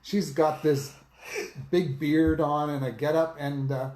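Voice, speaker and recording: A man's voice: fairly high pitch, steady tone, slow pace, mellow. A man from Canada co-hosting a casual vlog, telling a family story in a supportive, chatty way. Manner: supportive, chatty, with some fillers. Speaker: vlog co-host. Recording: echoey room.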